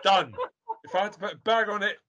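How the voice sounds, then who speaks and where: A man hosting a casual chat over a video call, jokey and excitable, swearing freely. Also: sits high, rapid-fire.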